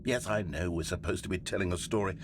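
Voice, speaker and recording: A man's voice: low-pitched, fast, noisy background, natural voice. An actor voicing a wry, meddling male narrator in a video game, telling the story in a dry, mock-grave manner. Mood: wheedling. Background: game music.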